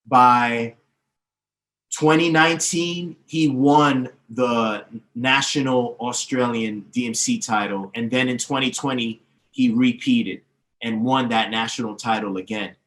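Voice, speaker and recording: A man's voice: medium pitch, measured pace, a bit bright. A man speaking as a guest in a podcast interview, confident and emphatic as he explains things at length. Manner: confident, emphatic, lists names and history. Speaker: guest, DJ teacher. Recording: roomy echoey sound.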